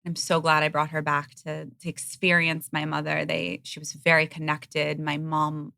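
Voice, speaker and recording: A woman in her thirties talking openly and bluntly as a podcast guest. Her voice is bright and edged with vocal fry, in a dry, close studio sound. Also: sits low, completely flat delivery, moderate pace, no room sound. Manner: open, frank, occasionally blunt. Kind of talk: candid conversational interview.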